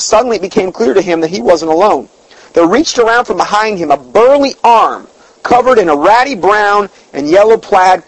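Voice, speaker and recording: A man's voice: high-pitched, dry recording, low-quality recording. A man preaching a sermon in a chatty storytelling way, emphatic, his voice jumping up when he is stirred. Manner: conversational asides, fillers and restarts.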